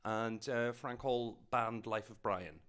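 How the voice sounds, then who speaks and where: A man's voice: mid-range voice, takes it slowly, fairly bright tone, smooth. An Irish man in a chat, hesitant and sardonic. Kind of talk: casual chat.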